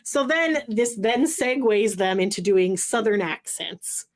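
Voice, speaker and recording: A woman co-hosting a podcast, recapping another show in casual chat, full of fillers and quick asides. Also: mid-range voice, lively intonation. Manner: rambling, filler-heavy recap. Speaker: podcast co-host.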